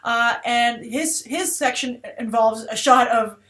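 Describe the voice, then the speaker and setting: A woman's voice: on the high side, slow. A woman hosting a movie trailer review show, talking casually and animatedly with plenty of fillers. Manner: chatty, animated, with many fillers. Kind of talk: casual commentary.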